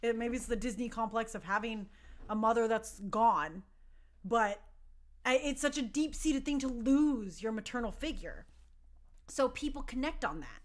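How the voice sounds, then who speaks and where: A woman hosting a talk show in casual chat, animated and emphatic, going from soft asides to loud outbursts. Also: fairly high pitch. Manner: chatty, with many fillers.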